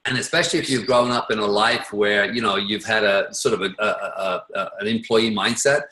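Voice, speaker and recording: Bright echoey motivational man. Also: on the low side, steady tone, brisk. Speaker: guest speaker. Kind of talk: motivational talk on a call.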